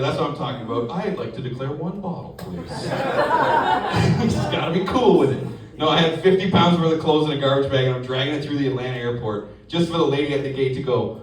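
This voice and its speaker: Animated male stand-up comic. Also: mid-range voice, a little fast, crowd noise. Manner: animated storytelling, acting out voices. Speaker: stand-up comedian. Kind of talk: stand-up comedy set. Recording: echoey club, distant mic, audience laughter.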